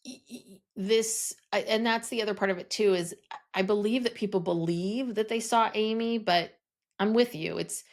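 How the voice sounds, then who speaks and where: A woman's voice: medium pitch, moderate pace. A woman co-hosting a podcast in casual chat, rambling and hesitant with many restarts. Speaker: podcast co-host.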